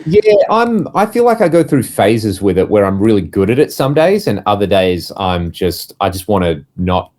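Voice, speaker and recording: A man's voice: fairly low pitch, very animated, normal speed, few pauses, darkish tone. A man, co-hosting a casual podcast chat, telling stories animatedly and acting out the voices of people he quotes. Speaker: podcast co-host, touring musician.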